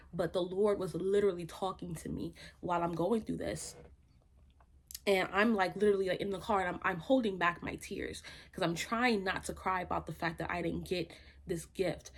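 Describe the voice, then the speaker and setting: Woman host, low voice, reflective testimony talk. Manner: conversational, reflective, frequent fillers and restarts. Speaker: faith podcast host. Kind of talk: personal testimony, casual.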